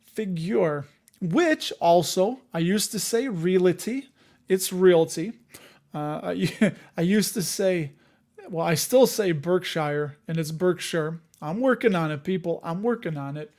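His voice is high and a little mellow, with lively intonation and a measured pace. As host of a dividend investing live show, he keeps things casual, chatting with viewers, joking about himself and reasoning aloud through many fillers.

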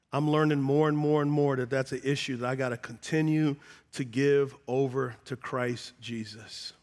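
A high-pitched middle-aged man delivers a sermon in a large church sanctuary. He talks right to the people in front of him and swells to loud, shouted emphasis. His voice carries a long reverb from the hall. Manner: preachy, builds to shouting, call-and-response asides. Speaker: pastor.

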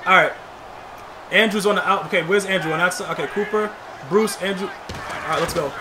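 A man giving live gameplay commentary, slangy and trash-talking, bursting into shouts at big plays. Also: high-pitched, fairly quick, noisy background. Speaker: gamer.

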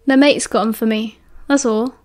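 A woman's voice: a little high, steady tone, moderate pace, darkish tone, close to an everyday voice. A woman with a British accent voicing a guarded, sullen teenage wizard boy who gives curt, clipped replies in an audiobook.

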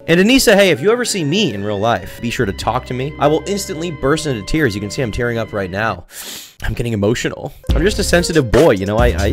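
A man riffing through sarcastic commentary, his voice swinging lively from low mutters to loud outbursts. He mocks in a deadpan way, with faint music running underneath. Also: quick pace. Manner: mocking, deadpan jokes with sudden shouts. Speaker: commentary YouTuber.

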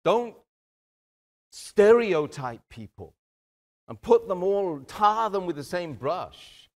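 A man's voice: high voice, expressive, slow, a little mellow. A man giving an earnest talk to a community audience, often calling them brothers and sisters. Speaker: speaker addressing a community. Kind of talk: motivational talk.

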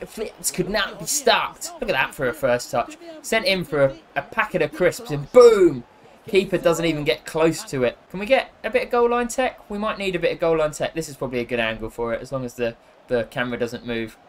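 A young man with a slightly high voice talks through a football game as he plays it. He is excitable and jokey, cheering his players one moment and scolding them the next. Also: a little fast. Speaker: gaming YouTuber. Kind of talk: live gameplay commentary.

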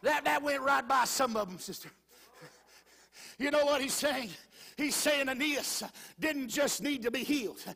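A man preaching a Pentecostal sermon as a guest speaker, swinging between shouted declarations and quiet storytelling. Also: very high-pitched, a little slow, creaky, long pauses. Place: large church sanctuary. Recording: church hall with long reverb.

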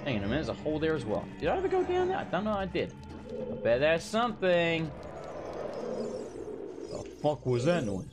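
A man's voice: on the high side, huge pitch swings, fast. Swearing, exasperated young man gaming. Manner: exasperated, swearing, talking to himself. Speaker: gaming streamer. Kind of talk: blind let's play commentary. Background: game music.

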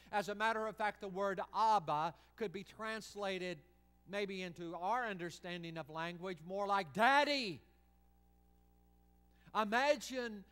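Male senior pastor, sermon delivery, high clear voice, swings between pleading and hush. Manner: impassioned, swings from loud pleading to hushed.

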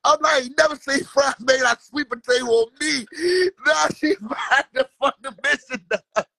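Man, DC-area accent, very high voice, bright, dry close sound, casual livestream talk. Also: steady tone, moderate pace, vocal fry, no room sound. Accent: Washington DC area. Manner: laid-back, slangy, repeats "bro". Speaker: streamer co-host.

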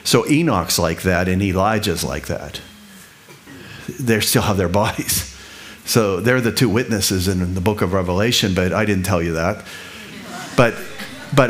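A man's voice: lowish voice, a bit bright. Conversational middle-aged male preacher. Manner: conversational, repeats himself, quick asides and laughs. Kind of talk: sermon teaching.

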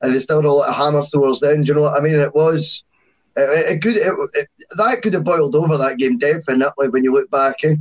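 A man co-hosts a podcast in casual, keen chat. His voice sits slightly high. The recording sounds muffled and lo-fi. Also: fairly even intonation, fast talker. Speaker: podcast co-host. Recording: dull lo-fi sound.

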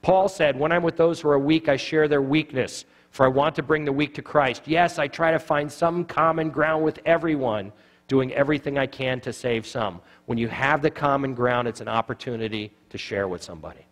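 A man's voice: medium pitch, moderate pace. A middle-aged man teaching evangelism at a church, telling stories and acting out the dialogue. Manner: animated storyteller acting out dialogue. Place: church sanctuary.

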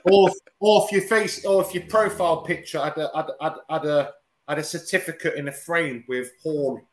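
Animated man telling stories. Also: on the high side, normal speed. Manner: animated storytelling, swears, mimics others, laughs often. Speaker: martial arts guest. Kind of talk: casual banter on a video-call talk show.

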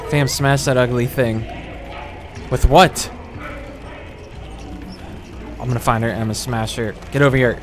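A man streaming a horror game, reacting loudly and jumpily with frequent cursing and laughter. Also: medium pitch, steady tone, a little slow, pauses often, noisy background. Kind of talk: live gameplay commentary. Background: game music.

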